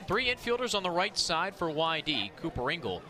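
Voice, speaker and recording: A man with a somewhat high voice calls a baseball game live from the booth. His delivery is brisk and tight on the pitches and bursts into shouts on the big hits. Crowd noise from the stands carries clearly behind him. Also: big pitch swings. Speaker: play-by-play announcer. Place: outdoor ballpark broadcast booth. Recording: outdoor ballpark crowd behind. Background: ballpark crowd.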